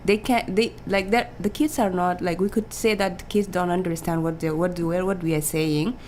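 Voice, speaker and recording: A woman sits in as a guest on a radio chat and gives practical advice drawn from raising three children. She speaks earnestly in a fairly low voice. Her manner is conversational. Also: steady tone, normal speed, a little mellow, a little hiss or hum.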